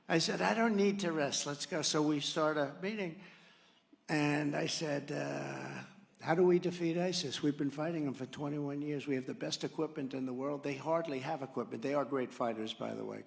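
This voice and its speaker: An older man telling a rambling, boastful story as a rally speech, swinging from quiet asides to loud punchlines. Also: a little high, creaky. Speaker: political speaker at a rally. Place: large rally venue.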